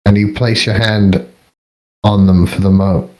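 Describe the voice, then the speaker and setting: A man narrating as game master of a tabletop game, halting and searching for words. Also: fairly low pitch, steady tone, darkish tone, rough recording. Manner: halting, full of ums and restarts.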